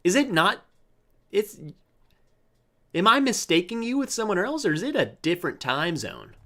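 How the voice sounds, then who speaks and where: A man's voice: high voice, big pitch swings, normal speed, pushed and bright. A man hosting a live stream, chatting casually and joking as he greets viewers by name. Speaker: livestream host. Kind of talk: casual live chat reading viewer comments.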